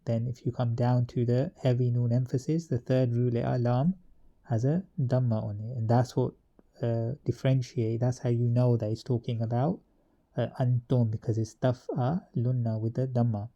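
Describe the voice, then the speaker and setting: A man teaches grammar in a patient, methodical way, repeating each point as he goes through the table. His voice is deeply dark and mellow at a middle pitch. The recording is dull and lo-fi. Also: fairly even intonation, moderate pace. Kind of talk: explaining a grammar table, with fillers and restarts.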